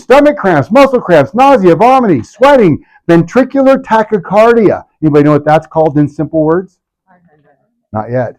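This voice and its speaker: A man giving a lively health workshop to a live audience, asking the room questions and acting out patients' complaints in a jokey way. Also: on the high side, low-quality recording. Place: clinic event room.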